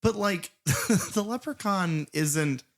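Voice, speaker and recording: Podcast co-host, man, very lively pitch, profane and animated. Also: slow pace. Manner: animated, swears freely, acts out characters' lines. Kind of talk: casual movie-review chat.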